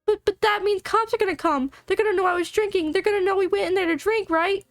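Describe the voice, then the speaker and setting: A woman's voice: extremely high pitch, moderate pace, no echo, studio quality, faint music behind, pitched above the performer's own voice. A woman voicing a panicked teenage girl who talks frantically and pleadingly. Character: panicked teenage girl afraid of her father.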